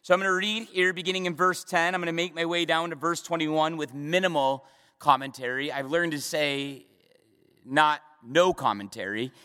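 A man's voice: on the high side, fairly even intonation, moderate pace, sharp tone, smooth. A man preaching a midweek Bible study sermon as a pastor, with emphatic repetitions and rhetorical questions. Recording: long hall reverb.

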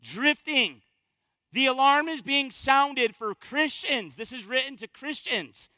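A man preaching with a strikingly high, bright voice. He speaks emphatically and conversationally, stacking short repeated phrases. The sound is dry and close. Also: lively intonation, slow pace, no echo. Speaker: pastor. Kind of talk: sermon.

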